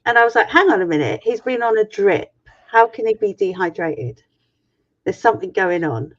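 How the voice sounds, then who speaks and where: A woman's voice: medium pitch, expressive, normal speed. Blunt woman telling it straight. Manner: frank, sweary, exasperated retelling. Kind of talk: personal storytelling. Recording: muffled lo-fi stream audio.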